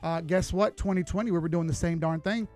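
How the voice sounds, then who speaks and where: A man's voice: a little high, steady tone, brisk, a little mellow, soft background music. A man giving live chart analysis on a stream, talking casually and greeting viewers as he goes. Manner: casual, folksy, chats with viewers while reading charts.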